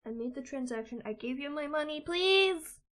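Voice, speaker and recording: Frustrated high-voiced young woman streamer. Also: fairly even intonation, fast, a little mellow. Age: young adult. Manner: exasperated, swearing, ranting to herself. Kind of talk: casual live-stream chat.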